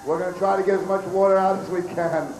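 Hoarse guy cracking crude jokes as festival emcee, kinda high voice, echoey pa outdoors. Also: fairly even intonation, quick pace, a little mellow, a little hiss or hum. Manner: brash, profane, joking. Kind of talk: stage banter.

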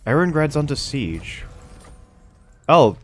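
A streamer with a fairly high, sing-song voice talks slowly as he plays a strategy game. It's casual let's-play commentary, with him reasoning aloud and swearing under his breath.

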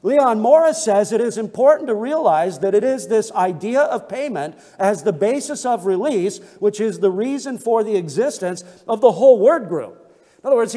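A man's voice: high voice, warm tone, long reverb tail. A man preaching an expository sermon as pastor, earnest and emphatic, restating points and reading scripture aloud. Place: church sanctuary.

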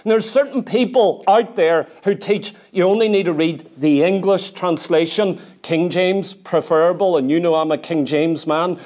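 High-voiced earnest male preacher. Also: moderate pace, hardly any pauses, darkish tone. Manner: earnest, emphatic, repeats key points; reads scripture aloud in King James wording. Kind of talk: sermon. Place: church.

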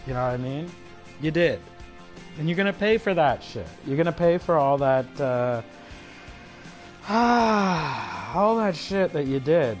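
This one is animated and a bit high-pitched, moving at normal speed with faint music in the background. The man rants on his livestream, cursing nonstop, taunting, breaking into chuckles, and muttering asides.

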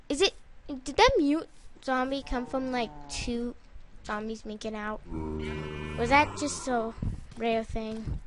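A woman giving casual, rambling gameplay commentary, excitable and prone to loud outbursts, with music behind her. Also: sits high, a little slow, a little hiss or hum. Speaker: gaming YouTuber.

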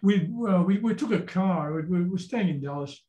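An older Yorkshire man in his seventies tells stories in a casual interview, with a mellow, dark tone pitched fairly high. He rambles and stumbles over repeated words as he gets to the point. His voice rings in an echoey room. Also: moderate pace. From Yorkshire, England. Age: 70s. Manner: rambling, repeats words while telling anecdotes. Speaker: guest folk singer-songwriter.

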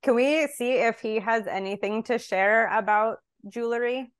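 Soft-spoken woman client, dry sound. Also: a little high, a little slow, clean tone, no echo. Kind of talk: casual conversation.

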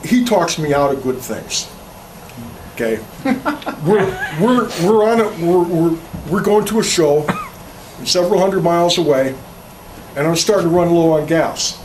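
A folksy man gives a workshop talk on carving, rambling, restarting his words and slipping in jokes. His voice sits a bit high for a man. He is heard from some distance off the mic, with faint room ambience behind him. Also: animated, moderate pace, a little mellow, a little hiss or hum. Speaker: chainsaw carving instructor. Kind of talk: casual workshop talk to an audience.

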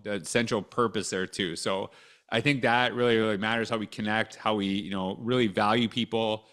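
A man hosting an interview podcast, talking in an enthusiastic, animated way with frequent restarts. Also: on the low side. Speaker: podcast host. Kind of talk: casual interview chat.

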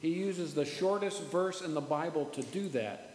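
A man preaching a sermon as pastor, earnest, repeating words and slowing down for emphasis. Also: on the high side, darkish tone, slight background noise. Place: church sanctuary. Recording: echoey church hall with faint ambience.

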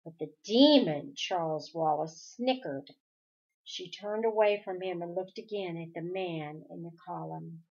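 A woman reading a novel aloud chapter by chapter, careful and expressive. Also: lowish voice, unhurried, slightly rough, highs cut off. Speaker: audiobook reader.

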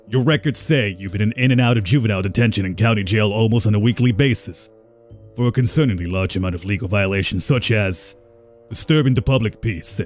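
A man's voice: on the low side, lightly acted. A man voicing a stern male judge handing down a verdict in a visual novel game.

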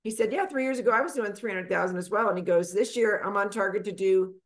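A middle-aged woman from Texas, a financial advisor guest, telling her story in a lively conversational way and acting out the people she quotes. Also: fast talker. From Texas, USA. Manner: animated, acts out quotes with big pitch jumps.

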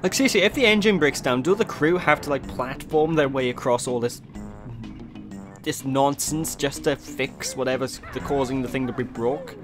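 A man's voice: mid-range voice, moderate pace, over music. A young Welsh man giving rambling, jokey, self-deprecating commentary over a video game. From Wales. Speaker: let's play host. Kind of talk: gameplay commentary.

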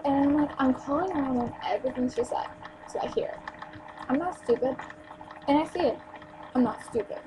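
Young woman from New Jersey, high-pitched, blunt and emphatic, casual rant into a hissy webcam mic. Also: brisk. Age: young adult. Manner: blunt, emphatic, swears freely. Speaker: store clerk venting on a vlog. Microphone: built-in webcam mic. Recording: noisy webcam recording.

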